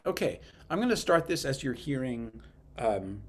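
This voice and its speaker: A man leading a youth orchestra rehearsal, explaining phrasing and singing rhythms on nonsense syllables, with relaxed, hesitant phrasing full of fillers. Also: medium pitch, normal speed, faint music behind. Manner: sings rhythms with syllables to demonstrate. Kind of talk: rehearsal instruction. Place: online rehearsal.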